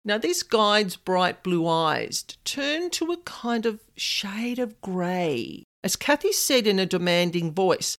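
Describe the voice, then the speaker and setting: A woman's voice: medium pitch, very animated, slow pace, few pauses, fairly bright tone. A woman narrating a personal story in a conversational way with casual asides.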